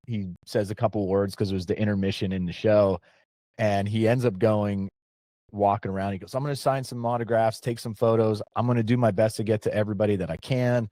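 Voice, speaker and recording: A middle-aged man hosts a podcast in a relaxed, rambling way, circling back and restarting as he tells a story. His voice sits low and sounds warm and mellow. The recording is dry and close. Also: dry recording. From Pennsylvania. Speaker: podcast host. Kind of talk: casual podcast chat.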